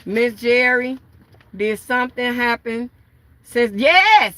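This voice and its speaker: An older woman hosting a casual late-night chat, telling a family story in a blunt, profane, animated way and calling her listeners y'all. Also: high-pitched, slow pace, no echo. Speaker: host.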